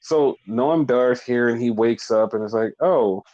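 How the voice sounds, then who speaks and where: A man's voice: medium pitch, moderate pace, a little mellow, lo-fi sound. Male podcast host, casual, blunt and swearing, rambles on. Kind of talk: casual wrestling recap chat.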